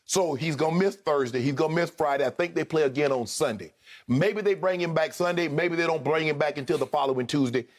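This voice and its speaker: A man's voice: on the high side, brisk. Emphatic man arguing on a sports show. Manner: emphatic, repeats points for force. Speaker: sports debate show co-host. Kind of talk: heated sports debate.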